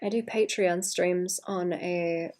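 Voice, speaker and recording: A woman streaming herself drawing, chatting casually in a rambling way that trails off and drops to a quiet murmur. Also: on the low side, steady tone, slow. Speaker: art streamer. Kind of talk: casual live-stream chat while drawing.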